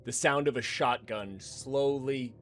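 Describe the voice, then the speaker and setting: A man's voice: mid-range voice, unhurried, faint music behind. A man narrating as game master of a tabletop game, with vivid, dramatic narration.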